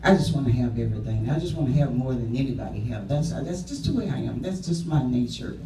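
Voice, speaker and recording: Man playing a sulky greedy rich guy, low and unrepentant, echoey room with music. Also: animated, fast, dark tone, distant mic, a little hiss or hum, close to an everyday voice.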